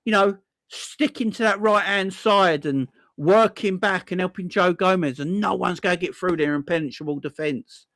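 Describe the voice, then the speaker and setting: A man rants about his team in sarcastic, repetitive bursts, swearing freely as he goes. His voice sits a touch higher than most men's, and the recording is dry and close, with no room sound. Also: moderate pace, a bit bright, no room sound. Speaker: football fan channel host. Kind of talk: ranting fan commentary.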